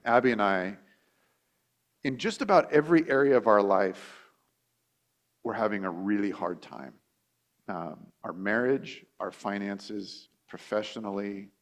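Pastor, male, conversational sermon delivery; repeats and restarts words, acts out quoted voices. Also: lowish voice.

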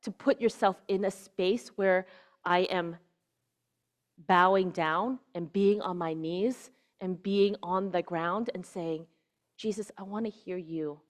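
A woman giving a conversational sermon. She keeps checking in with "right?" and drops to a hushed voice on key words. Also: on the low side, steady tone, slow pace. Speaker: preacher.

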